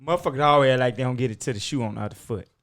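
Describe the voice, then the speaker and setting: A man's voice: medium pitch, rapid-fire, a bit bright. A man hosting a casual podcast. He talks bluntly and profanely. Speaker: podcast host. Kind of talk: casual chat.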